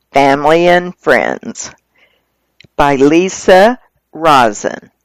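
A slow, unhurried reader working through magazine articles aloud, paced and even. The voice sits in a middle register and sounds close and dry, with no room around it. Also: mid-range voice, dry recording.

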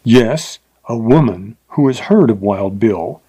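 A man's voice: lowish voice, expressive, slow pace, dark tone, slightly rough, full character voice. A man voicing a proud, fearless young woman of the frontier, speaking scornfully in an audiobook. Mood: defiant. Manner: scornful and undaunted.

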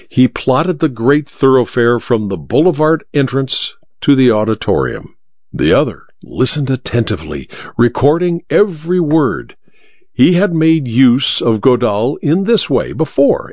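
A male narrator reads a story in a measured, expressive manner. His mid-range voice rises and falls freely. The recording is dry, close and slightly muffled. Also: medium pitch, no echo. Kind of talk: audiobook narration.

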